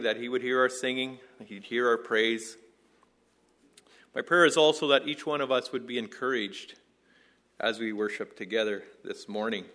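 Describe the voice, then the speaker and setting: A man preaching a sermon in an earnest, measured way, building his points through repeated phrases. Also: medium pitch, a bit bright. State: out of breath.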